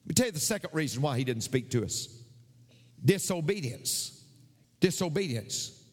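A man's voice: fairly high pitch, animated, normal speed, in a large hall. A male pastor preaching a sermon, repeating his points with emphasis.

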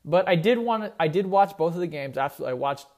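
A man's voice: fairly high pitch, expressive, fairly quick, darkish tone. Rambling young man talking college football. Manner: rambling, self-correcting, conversational. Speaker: sports podcast host. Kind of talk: casual solo sports talk.

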